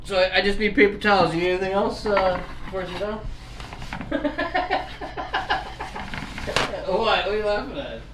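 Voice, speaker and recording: Over a noisy background, a Canadian vlogger talks at a quick pace in a high voice, chatting loosely at his kitchen table. His Canadian accent comes through as he swears, laughs, gets crude, and tacks "eh" onto lines.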